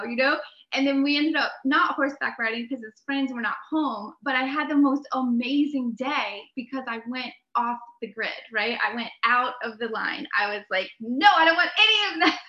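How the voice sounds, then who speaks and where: A young adult woman, a podcast guest, telling a story in an animated way, laughing often and full of filler words. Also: high-pitched. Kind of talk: storytelling in a conversation. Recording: echoey room, dull lo-fi sound.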